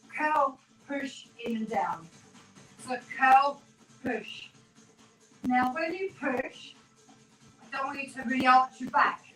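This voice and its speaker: A woman runs a home workout, upbeat and encouraging as she counts reps, a little out of breath. Her voice sits high and bright. It is picked up from across a small, echoey room with faint music behind her. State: slightly out of breath. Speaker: fitness instructor. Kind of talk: live home workout coaching. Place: small room in a terraced house. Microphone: no microphone, camera mic from across the room. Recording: roomy, distant, with workout music.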